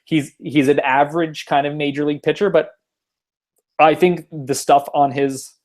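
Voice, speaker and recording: A man's voice: a little high, steady tone, moderate pace. A man hosting a casual sports podcast over an online call, rambling with fillers and restarts. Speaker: podcast host. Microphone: home computer mic over an online call.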